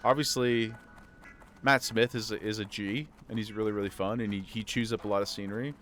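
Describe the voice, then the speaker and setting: A man streaming casually, chatting loosely and getting excited, swearing freely and repeating himself. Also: fairly low pitch, brisk, a little hiss or hum. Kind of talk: casual livestream chat.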